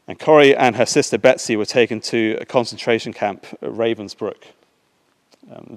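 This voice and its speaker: A man preaches to a congregation in a measured, unhurried way, pausing with small fillers as he reads a passage aloud. His voice sits at an ordinary male pitch. A long reverb from the hall lingers behind every phrase. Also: a little mellow. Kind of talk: sermon with a read-aloud passage.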